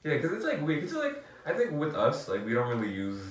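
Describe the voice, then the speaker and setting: A man's voice: on the high side, brisk, a little hiss or hum. Rambling young New York man, roomy. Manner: rambling, heavy "like" filler, animated bursts. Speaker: podcast co-host. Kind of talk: casual chat. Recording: roomy and distant from the mic.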